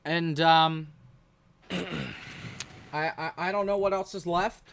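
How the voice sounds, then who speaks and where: A man's voice: fairly high pitch, fairly even intonation, slow, fairly bright tone, slight background noise. A man hosting a sim racing broadcast, talking casually and rambling with frequent restarts. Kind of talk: live stream race commentary.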